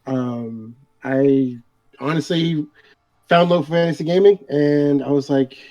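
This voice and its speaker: A man's voice: on the high side, takes it slowly, warm tone. Hesitant man on a dull, lo-fi call. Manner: hesitant, full of fillers and restarts. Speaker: guest, game book author. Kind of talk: casual interview chat. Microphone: video call.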